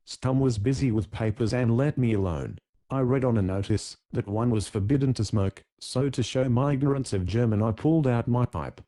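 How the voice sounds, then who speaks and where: A man with a medium-pitched, mellow, relaxed voice narrates a scripted audiobook, keeping an even, measured pace through the story.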